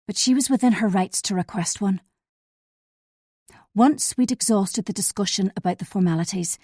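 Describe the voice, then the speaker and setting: A woman reading a thriller audiobook in the first person, in a measured, steady way. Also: medium pitch, dry recording, studio quality. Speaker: audiobook narrator.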